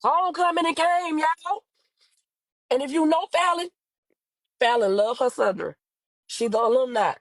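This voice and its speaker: A woman's voice: high voice, lively intonation, normal speed, pauses often, no echo, poor audio. A young woman making an emotional, pleading plea to camera about her missing sister, her voice breaking into tears as she repeats herself.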